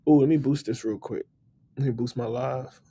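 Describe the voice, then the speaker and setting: A man's voice: mid-range voice, steady tone, moderate pace, dark tone, breathy edge. A man with a DC accent chatting casually on a livestream, laughing and talking straight to his viewers. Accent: Washington DC. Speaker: livestream host and book writer.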